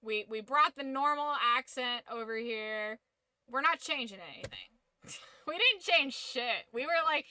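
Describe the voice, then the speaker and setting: A woman's voice: high voice, a little slow, bright, forceful tone, clean tone, dry recording. A woman hosting a casual livestream, giving an opinionated, profanity-laced rant. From United States. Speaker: streamer and channel host.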